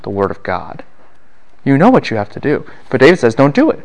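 A man lecturing a class on the Bible, animated and full of rhetorical questions. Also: mid-range voice, brisk, creaky.

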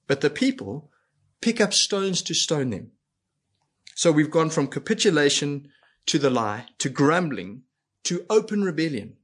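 A man preaching a sermon in an earnest way, asking rhetorical questions and acting out quoted lines. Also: a little high. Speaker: pastor.

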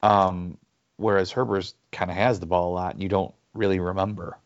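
A man co-hosting a casual soccer podcast, talking in a halting way with many restarts and fillers. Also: sits low, steady tone. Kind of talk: casual sports chat. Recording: dull lo-fi audio.

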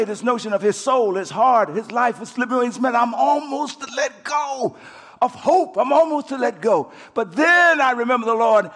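A man, a pastor, preaching a sermon, swinging between shouted climaxes and soft, hushed passages and often repeating his words. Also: high-pitched, breathy edge. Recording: live sermon with long hall reverb.

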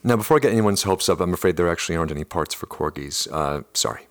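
A man's voice: deep voice, lively intonation, fast, soft background music. A man with a Midwestern accent, hosting a theater company's podcast and announcing its coming season in an upbeat, chatty way with frequent "uh" fillers. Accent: Midwestern American. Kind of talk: solo promotional podcast announcement.

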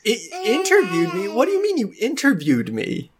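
A woman's voice: mid-range voice, wildly swooping pitch, normal speed, crowd noise, pitched above the performer's own voice. Woman doing a weepy, stammering young guy, voice swinging all over, tabletop game. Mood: flustered. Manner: stammering, sobbing and nervous laughter. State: crying. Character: tearful, panicky young man.

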